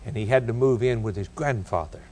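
A man preaching a sermon, telling stories dramatically and building cadenced lists, with big swings in pitch and pace. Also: a little fast, a little mellow.

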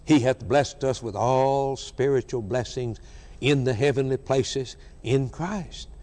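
A man's voice: medium pitch, slow pace, mellow. A man preaching a sermon, fervent and emphatic, repeating phrases for effect. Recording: long hall reverb.

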